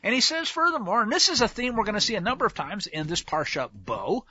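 A man's voice: high voice, very animated, fast talker, few pauses, sharp tone, slightly rough, no room sound. A man teaching scripture verse by verse in a casual, folksy way, with slang asides. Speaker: Bible teacher. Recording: dull lo-fi, dry sound.

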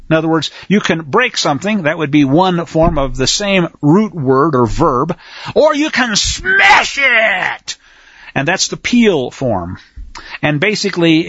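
A man teaching a Bible passage in sermon style, blunt and emphatic, swinging between loud pushes and low asides. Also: no room sound, highs cut off.

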